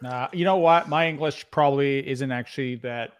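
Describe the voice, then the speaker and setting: A man's voice: mid-range voice, normal speed, clear, resonant tone. A Canadian man rambling through self-mocking stories in casual live-stream banter.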